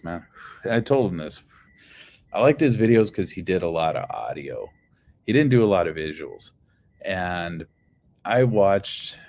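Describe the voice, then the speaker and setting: A man's voice: deep voice, a little mellow. Rambling, profane man telling a story. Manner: rambling, profane, lots of fillers. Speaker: channel host. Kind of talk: casual storytelling monologue.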